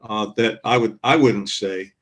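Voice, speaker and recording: A man in a casual discussion, speaking in a measured, reflective way with frequent fillers. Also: on the low side. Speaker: guest commentator.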